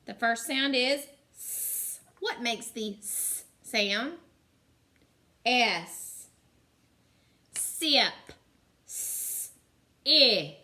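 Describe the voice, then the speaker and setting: A woman teaching a phonics lesson to young children, sounding out letters slowly and deliberately and praising often. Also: on the high side, sharp tone.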